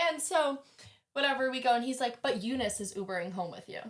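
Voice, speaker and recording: Young woman, college student, chatty storyteller, casual and animated, does quick voices for the people in her story. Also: mid-range voice. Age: young adult. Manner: animated, heavy use of "like", acts out quoted voices. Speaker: podcast guest.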